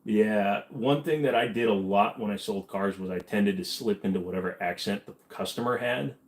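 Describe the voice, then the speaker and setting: A man with a fairly low voice hosts a casual livestream chat. He rambles easily and jokes as he reads viewers' comments aloud and answers them. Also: moderate pace.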